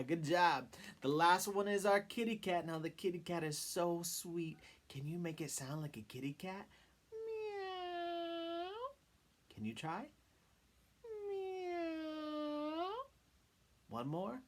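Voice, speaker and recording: A man's voice: a little high, expressive, normal speed, hardly any pauses. A man leading a children's sing-along lesson, coaxing the kids with questions and cheerful encouragement. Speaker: children's music teacher.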